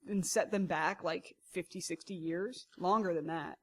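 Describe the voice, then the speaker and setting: A man co-hosting a relaxed podcast, telling things in a rambling way and pausing to search for words. His voice is notably high for a man. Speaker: podcast co-host. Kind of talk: casual chat.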